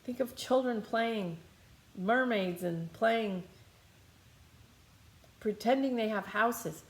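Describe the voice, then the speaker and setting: A woman's voice: medium pitch, roomy sound. A woman giving a loose, conversational guided healing meditation with lots of fillers and restarts. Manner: rambling, conversational, many fillers. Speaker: meditation teacher. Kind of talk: guided meditation talk, channeling.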